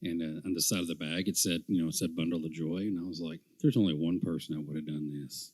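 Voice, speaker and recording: A middle-aged man co-hosting a podcast in casual chat, rambling and animated, with many fillers and restarts. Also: very deep voice, fast, breathy edge, no echo. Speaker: podcast co-host.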